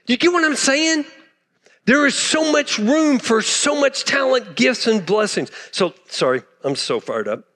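A male pastor preaching a sermon to his church, impassioned, swinging between loud declarations and hushed asides. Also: very high voice, lively intonation, a little slow. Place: church sanctuary. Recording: long reverb of a church hall.

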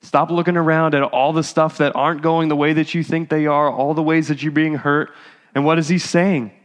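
A male pastor preaches in a relaxed, conversational style that builds to fervent exhortation. His fairly high voice keeps a steady tone at a moderate pace, and the hall gives it reverb.

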